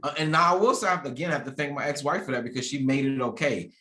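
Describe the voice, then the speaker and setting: A man's voice: mid-range voice, racing, bright, forceful tone. Candid man in his thirties, echoey room. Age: 30s. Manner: candid, reflective, with many restarts. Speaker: podcast host. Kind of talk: casual conversation.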